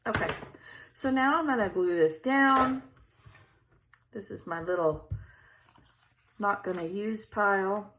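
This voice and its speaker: A woman's voice: medium pitch, takes it slowly, pauses often, a bit bright, slight background noise. A chatty woman, hosting a casual crafting tutorial and often checking in with "okay?".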